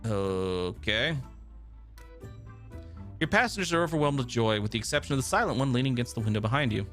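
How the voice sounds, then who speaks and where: A man streaming a story game live, reading its narration aloud in a mid-pitched voice with casual asides. Faint music plays in the background. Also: animated, fairly quick, fairly bright tone.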